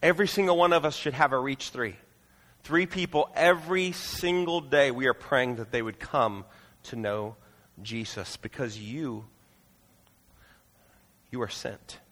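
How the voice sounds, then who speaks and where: A pastor preaching a sermon in a church auditorium, earnest and pleading, moving into prayer. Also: male voice, mid-range voice, unhurried, a bit bright, long reverb tail.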